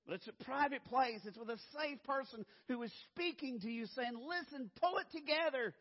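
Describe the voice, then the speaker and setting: A man preaching a sermon as pastor, swinging from hushed low lines to loud, urgent emphasis. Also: normal speed. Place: church sanctuary. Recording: dull lo-fi sound, long hall reverb.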